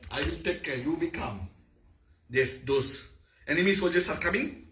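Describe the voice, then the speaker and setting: A man's voice: a little high, moderate pace, reverberant, voice pushed up, lightly acted. A man playing a brave, reassuring warrior. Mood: confident. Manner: reassuring, steady. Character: brave confident male warrior.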